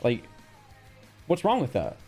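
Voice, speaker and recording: Young male streamer, blunt casual chat, lots of swearing, very lively pitch swings, faint guitar music behind. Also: unhurried. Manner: blunt, swears often, reacts aloud to a quiz while reading chat.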